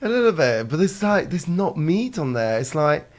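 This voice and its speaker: A man's voice: on the high side, very animated, normal speed. A man from France with a French accent, chatting casually over drinks, laughing often and padding his talk with fillers. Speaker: guest.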